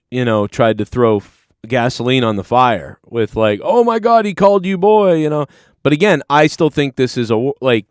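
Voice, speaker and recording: A man's voice: medium pitch, clear, resonant tone, no room sound, studio quality. Rambling, profane man recapping a stream. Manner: rambling, profane, talks over replayed clips. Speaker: stream host. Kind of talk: casual live-stream commentary.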